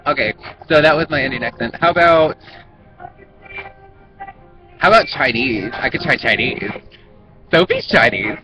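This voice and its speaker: A young man talks straight to his camera in a loose, rambling vlog chat, often doubting himself as he goes. His pitch sits in an ordinary middle range. Clear music plays behind him the whole time. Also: moderate pace, pauses often, dull audio. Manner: rambling and self-conscious. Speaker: YouTuber. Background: music playing in the background.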